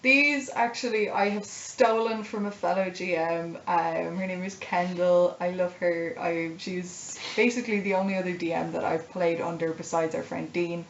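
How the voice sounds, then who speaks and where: A woman's voice: lowish voice, steady tone, moderate pace, few pauses. A young woman, a game master, chatting enthusiastically about her game. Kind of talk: casual chat. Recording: echoey room, dull lo-fi audio with faint noise.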